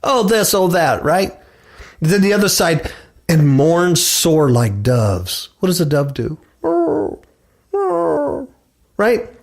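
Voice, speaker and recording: A man's voice: a little high, lively intonation, takes it slowly. A man preaching and reading scripture aloud, emphatic and repeating words for effect. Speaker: preacher hosting a religious talk show.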